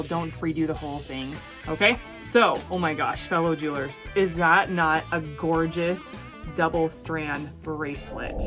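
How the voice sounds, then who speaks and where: A woman hosting a jewelry-making tutorial, chatting warmly to viewers and ending with a heartfelt prayer. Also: fairly low pitch. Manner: gushing, chatty, addresses viewers directly. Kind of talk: casual tutorial with closing prayer.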